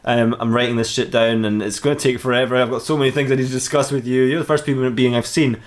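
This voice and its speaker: A baffled male alien villain rambles in an exasperated rush, as a man voices him mid-story. It's an improvised comic storytelling bit, fast and loose. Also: medium pitch, little pitch movement, close to an everyday voice.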